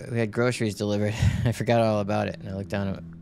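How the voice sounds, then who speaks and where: A man's voice: fairly low pitch, steady tone, fast talker, creaky, heavy background noise. A man casually commenting while playing a horror game, rambling, reading game text aloud and swearing when startled. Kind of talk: casual let's-play commentary.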